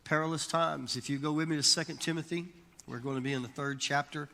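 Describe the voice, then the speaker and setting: A middle-aged man preaching a sermon, emphatic and telling stories, building to loud peaks. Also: a little high, steady tone, quick pace, vocal fry. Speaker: pastor. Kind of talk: sermon with storytelling. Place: church sanctuary. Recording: long church hall reverb.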